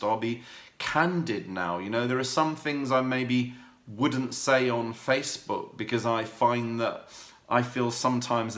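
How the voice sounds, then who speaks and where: A man talking candidly to camera in a personal vlog, rambling warmly with fillers and restarts. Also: medium pitch, echoey room. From United Kingdom. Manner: warm rambling talk with many fillers and restarts. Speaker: vlogger.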